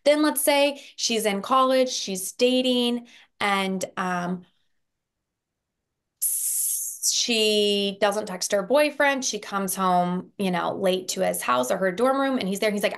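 A woman therapist on a podcast, explaining in a lively conversational way, acting out example voices and often checking in with "right?". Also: mid-range voice, unhurried. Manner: animated storyteller, acts out quoted voices with frequent "right?". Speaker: therapist guest.

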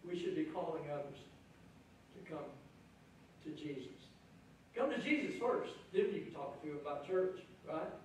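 A man preaching a sermon as pastor, lively, acting out the crowd's voices with a raised voice. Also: on the high side, moderate pace, long pauses, slight background noise. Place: church sanctuary. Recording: echoey church hall from far off.

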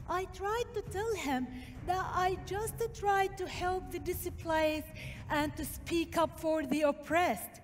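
A young woman tells a personal story slowly and dramatically on stage, and acts out quoted lines along the way. Her voice sits high and unhurried. A stage microphone picks her up in a large conference hall with long reverb, over faint music. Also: expressive, a little mellow. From Syria. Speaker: speaker at a talk event.

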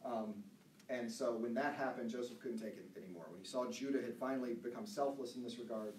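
A man's voice: medium pitch, fairly quick, a little mellow, far from the mic, a little hiss or hum. A man teaching a Bible study, chatty and loose with many asides, reading passages aloud. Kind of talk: casual teaching talk, reading scripture aloud. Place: church room. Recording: roomy echo, voice off-mic, faint ambience.

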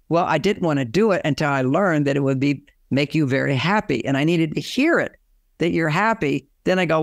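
An older man giving relationship advice through lively personal stories, often acting out both sides of a conversation. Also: a little high, quick pace, dry recording, studio quality. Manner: animated storyteller, acts out dialogue. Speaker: relationship author and guest.

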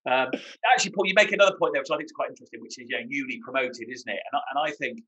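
A man's voice: mid-range voice, rapid-fire, bright, forceful tone, lo-fi sound. A middle-aged British man co-hosting a podcast, telling stories with laughter and imitations. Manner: storytelling with laughs and mimicry. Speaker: podcast co-host. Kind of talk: casual anecdotal chat.

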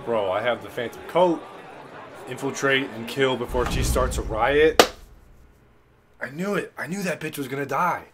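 A man's voice: mid-range voice, moderate pace, pauses often, noisy background. A young man giving loose, profane, hyped commentary while playing a video game. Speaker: gaming channel commentator. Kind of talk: casual gameplay commentary. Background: game music.

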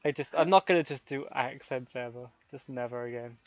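A man's voice: medium pitch, fairly quick, highs cut off, loud music behind the voice. A young man hosting a casual podcast chat who laughs often and makes fun of himself. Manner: self-deprecating and laughing a lot. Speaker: podcast host.

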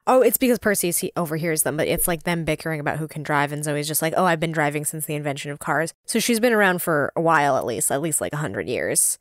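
A woman co-hosting a podcast, chatting casually about a book in a lowish voice. She is talkative and slips into quick impressions of characters. The sound is dry and close. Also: big pitch swings, dry recording. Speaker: podcast co-host. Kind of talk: casual book-discussion chat.

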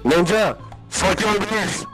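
A man's voice: high-pitched, slow, music in the background. A man in game voice chat, brash and taunting. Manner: brash, taunting trash talk.

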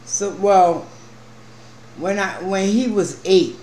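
A man co-hosting a casual mukbang at home, reminiscing in a relaxed, profane way. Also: sits high, takes it slowly, echoey room, a little hiss or hum, rough recording. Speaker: vlog co-host. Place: at home at a meal table.

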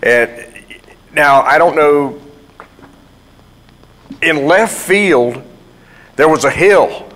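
A man's voice: fairly high pitch, expressive, extremely slow, long pauses, fairly bright tone, poor audio. A man with a Southern American accent interviews a guest with eager, enthusiastic questions. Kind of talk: conversational interview.

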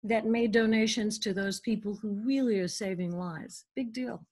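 An older woman as an interview guest, chatting in a theatrical, lively way and jumping from thought to thought over a video call. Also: medium pitch, normal speed. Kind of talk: casual interview chat.

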